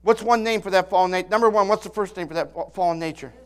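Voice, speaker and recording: A man's voice: high-pitched, rapid-fire, clear, resonant tone. A man in his sixties preaching a sermon as pastor, emphatic, with call-and-response asides and many repeated, restarted words.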